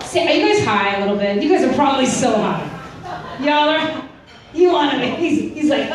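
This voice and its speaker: Woman, high voice, bubbly host, live trivia, echoey club, crowd. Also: normal speed. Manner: bubbly, joking banter with the crowd. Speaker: show co-host. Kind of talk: hosting a live trivia segment. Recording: roomy club, distant mic, crowd.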